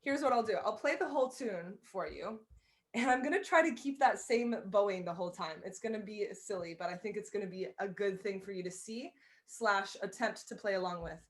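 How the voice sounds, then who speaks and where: A woman's voice: medium pitch, brisk. A woman teaching a live online fiddle lesson. She explains bowing step by step in an encouraging way and sings out the rhythms. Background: violin playing.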